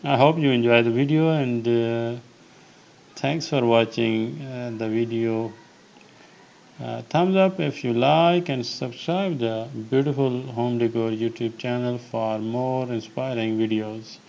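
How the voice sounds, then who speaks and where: A man narrating a home decor tutorial as host, reading haltingly with frequent "uh" pauses. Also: medium pitch, gravelly, darkish tone, lo-fi sound. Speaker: DIY channel host.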